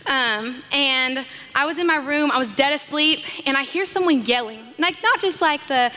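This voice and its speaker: Bright, high-voiced young woman telling a story. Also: moderate pace. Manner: animated, plays out the voices in her story. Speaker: church missions director. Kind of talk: storytelling from a church stage. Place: church sanctuary. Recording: long hall reverb.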